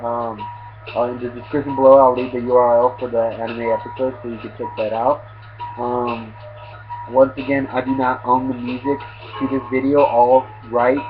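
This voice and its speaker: A man talks through an anime episode in a loose, slangy ramble that keeps looping back with fillers and restarts. The lo-fi recording sounds dull, and loud music plays behind him the whole time. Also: mid-range voice. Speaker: anime reviewer. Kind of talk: casual episode recap. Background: loud background music.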